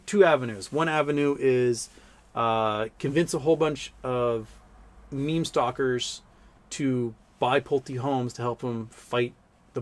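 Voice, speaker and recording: A man hosting a loose livestream, talking off the cuff in a mid-range voice. He wanders from thought to thought and breaks into laughter often as he reads viewer comments. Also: medium pitch. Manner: rambling, laughs often, mimics people in quotes. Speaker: livestream host. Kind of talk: casual livestream chat reading super chats.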